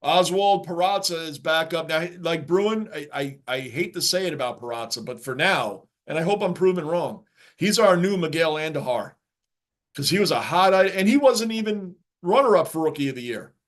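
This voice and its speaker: A man's voice: a little high, animated, moderate pace, fairly bright tone. A man hosting a live sports reaction stream from his basement, ranting casually and reading viewer chat aloud.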